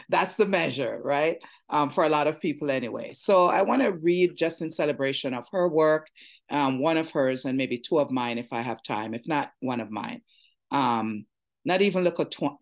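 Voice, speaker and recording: A woman's voice: very deep voice, creaky. A Jamaican woman poet chatting easily as she introduces poems at a literary reading, with frequent fillers and restarts. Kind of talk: spoken introduction to a poetry reading.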